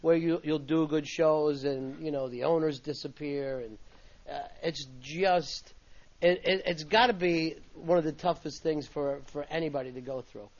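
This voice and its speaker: A man's voice: on the high side, moderate pace. A male radio host interviewing a comedian, swapping his own stories from the comedy clubs and laughing along. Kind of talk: interview conversation. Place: radio studio. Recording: dull satellite radio broadcast.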